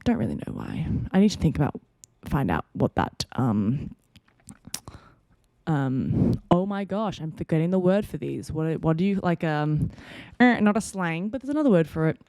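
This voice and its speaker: Chatty woman, low and dry. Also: very animated, moderate pace, mellow, no room sound. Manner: chatty, rambling, playful sudden pitch jumps. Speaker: podcast host. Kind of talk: casual solo podcast chat.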